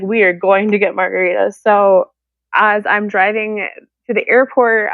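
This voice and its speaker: Her mid-range voice comes through a dry, tinny, phone-like connection as this guest tells her story openly and with feeling. She acts out what other people said in their own voices.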